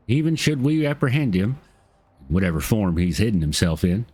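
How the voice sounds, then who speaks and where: A man's voice: medium pitch, a little mellow, slightly rough. A man voicing an earnest young woman on a thief hunt, in a put-on Southern US twang with formal, old-fashioned phrasing, reading game dialogue aloud.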